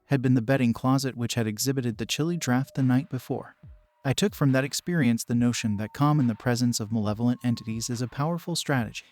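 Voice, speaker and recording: Calm man narrating ghost stories. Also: medium pitch, no echo. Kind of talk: scripted narration of spooky stories. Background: faint background music.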